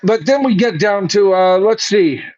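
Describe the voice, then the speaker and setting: Sarcastic older man, slow and lo-fi. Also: high voice, darkish tone. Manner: sarcastic, mocking, reads lyrics aloud. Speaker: host. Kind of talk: opinionated commentary.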